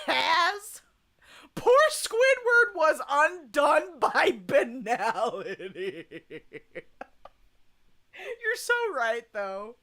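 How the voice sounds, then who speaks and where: A woman's voice: sits high, fairly bright tone. A young woman with a Southern US accent chatting casually on a live stream, laughing often and swearing freely. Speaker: streamer chatting with her chat.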